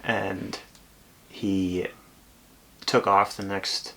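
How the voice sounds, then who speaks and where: A low-pitched male podcast co-host with a level tone, vocal fry, and a fairly bright sound speaks very slowly. He chats casually and tells stories in a laid-back way, trailing off with plenty of fillers.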